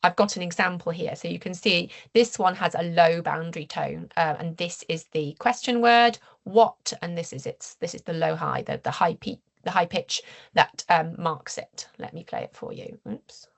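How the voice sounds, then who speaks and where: A woman presents her research findings at an academic seminar. Her voice sits low and has a gravelly fry to it. She explains things steadily, pausing on ums and restarting phrases as she goes.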